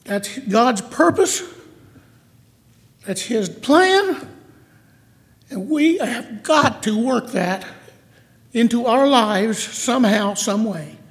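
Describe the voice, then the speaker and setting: Male church speaker, slow emotional sermon, gravelly, long hall reverb. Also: extremely high pitch, expressive.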